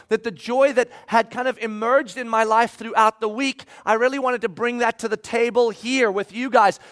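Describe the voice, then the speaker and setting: With an extremely high pitch, this forties-aged pastor preaches animatedly through a personal story, erupting into shouts whenever he dramatizes a scene.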